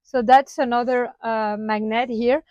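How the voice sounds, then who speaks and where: A woman with a French accent talks slowly and a little high, pausing often on fillers and breaking into small laughs as she shows off her van. The sound is dry and a bit dull, recorded close in a small van. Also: fairly even intonation, a little mellow, dry recording. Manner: chatty, halting with frequent fillers and laughs. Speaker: vlogger. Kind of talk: casual van tour vlog.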